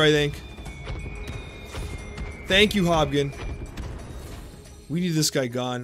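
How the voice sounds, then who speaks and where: A man giving casual, excitable commentary over his own game, often mocking himself and groaning at bad plays. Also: a little high, takes it slowly, pauses often, faint music behind. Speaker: gameplay commentator.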